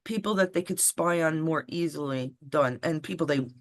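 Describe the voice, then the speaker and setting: A woman's voice: low-pitched, normal speed, no room sound, clean studio sound. A woman co-hosting a casual political talk show, blunt and rambling, swearing often. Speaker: podcast co-host.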